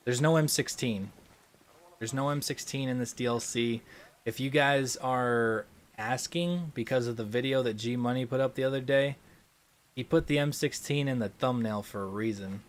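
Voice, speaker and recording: Rambling young man hosting a game stream. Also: mid-range voice. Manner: relaxed, rambling, frequent ums and restarts. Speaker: gaming livestream host. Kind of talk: casual livestream chat reading super chats.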